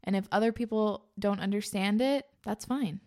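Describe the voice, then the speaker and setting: A woman's voice: medium pitch, normal speed, dark tone. A woman hosting a podcast in casual, earnest chat, gushing and full of filler words. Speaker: podcast host.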